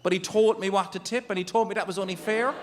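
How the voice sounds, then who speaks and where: Exasperated Irish comedian, swearing freely. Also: male voice, high voice, steady tone, fast talker, slight background noise. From Ireland. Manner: exasperated, swearing, acts out his own panic. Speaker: stand-up comedian. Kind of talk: stand-up comedy storytelling. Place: comedy stage before a live audience.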